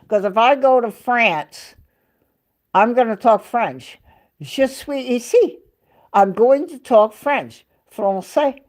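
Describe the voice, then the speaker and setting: An older woman talks very slowly to her viewers from home. She rambles along, sprinkling in simple Spanish and French phrases. Her pitch sits in an ordinary middle range. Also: a little mellow. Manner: slow and rambling, mixing in bits of Spanish and French. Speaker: livestream host. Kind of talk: casual live chat with viewers.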